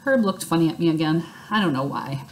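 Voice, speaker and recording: A woman reading a children's book aloud in lively first-person storytelling. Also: low voice, fairly quick, slight background noise.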